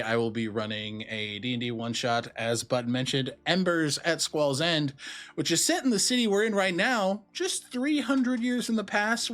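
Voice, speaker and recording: Lively joking male game master. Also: a little high. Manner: upbeat, joking, animated delivery. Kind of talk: hosting and narrating a tabletop game.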